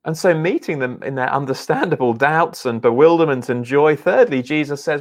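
A man preaching a sermon in an earnest, conversational way, often restarting his words. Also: on the high side. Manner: earnest, halting with repeated restarts.

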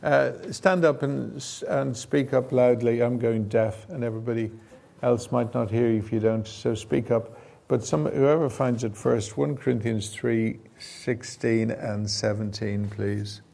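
A man's voice: mid-range voice, fairly even intonation, unhurried, creaky, warm tone. A man leading an informal sermon and Bible teaching session, talking conversationally with asides and fillers. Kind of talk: informal sermon with audience participation.

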